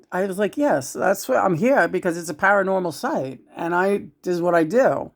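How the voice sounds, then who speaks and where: A woman talking casually as a psychic channeler about spirits. She rambles, restarts often and swings between loud and hushed. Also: on the low side, a little slow.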